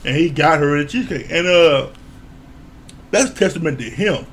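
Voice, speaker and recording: A man's voice: fairly high pitch, animated, moderate pace, fairly bright tone. A man casually recapping and reviewing a reality show episode, telling it loosely with slang, swearing and the odd chuckle.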